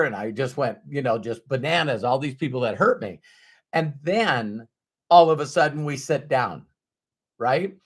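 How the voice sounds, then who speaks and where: Middle-aged male motivational speaker, mid-pitched voice, candid personal storytelling with sudden loud bursts.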